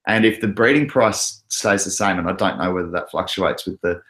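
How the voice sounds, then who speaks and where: Aussie guy chatting crypto on a livestream, low-ish voice, laughs a lot, reads out comments. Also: brisk, fairly bright tone. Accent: Australian. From Australia. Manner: chatty, laughs often, talks to viewers by name. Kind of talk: casual live chat reading comments.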